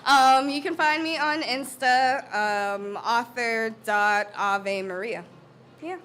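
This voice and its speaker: Slow, deliberate woman poet. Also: on the high side, fairly bright tone, slight background noise. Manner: deliberate, has the crowd repeat lines back. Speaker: open mic poet. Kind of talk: spoken word performance. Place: live open mic venue, indoors.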